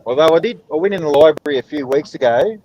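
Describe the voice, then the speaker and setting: A man's voice: on the high side, animated, fast, a little mellow, slight background noise, poor audio. A man, telling jokes in a dry storytelling way during a casual livestream chat. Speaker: joke teller on a livestream chat.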